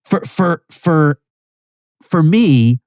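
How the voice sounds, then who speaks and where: A man's voice: fairly high pitch, animated, drawn-out words, darkish tone, no echo, studio quality. A man hosting a podcast, talking in an earnest, casual way with frequent restarts. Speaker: podcast host. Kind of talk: casual interview conversation.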